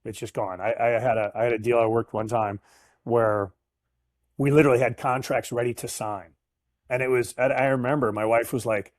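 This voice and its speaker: Middle-aged male guest, anecdotal and animated, dry close-miked sound. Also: medium pitch, brisk, no echo. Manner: animated storyteller, acts out quoted voices. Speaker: guest, sales professional. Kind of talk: casual storytelling interview.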